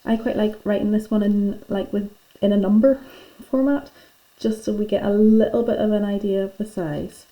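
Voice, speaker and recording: A woman's voice: mid-range voice, fairly even intonation, moderate pace, hardly any pauses, muffled recording. A woman teacher, patiently and chattily talking pupils through filling in their lesson notes. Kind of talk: classroom lesson going through worksheet notes.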